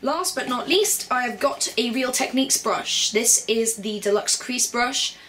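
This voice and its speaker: A woman's voice: fairly high pitch, unhurried, fairly bright tone. A young woman, chatting casually and bubbly as a beauty vlogger. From Britain. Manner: bubbly and chatty, with playful put-on voices. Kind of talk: casual chat.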